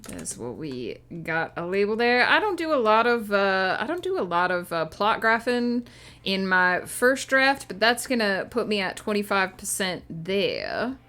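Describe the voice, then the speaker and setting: A woman's voice: medium pitch, sing-song, a little slow, sharp tone. A woman streamer putting on an exaggerated old-movie American Southern accent while chatting casually on a live stream, with a hammy drawl and many fillers. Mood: playful. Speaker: streamer and writer.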